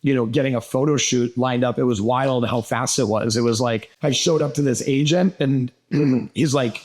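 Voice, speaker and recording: Male podcast guest from Milwaukee, mid-pitched, casual and profane, animated raconteur who voices the people in his stories. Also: moderate pace. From Milwaukee, USA. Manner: animated, acts out quoted people, swears freely. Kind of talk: casual storytelling.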